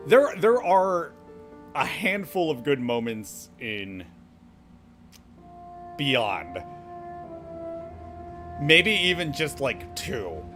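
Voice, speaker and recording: A man's voice: on the high side, very animated, drawn-out words, long pauses, a bit bright, faint music behind. A man doing critical live gameplay commentary, sarcastic and swearing, with frequent laughs. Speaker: game streamer.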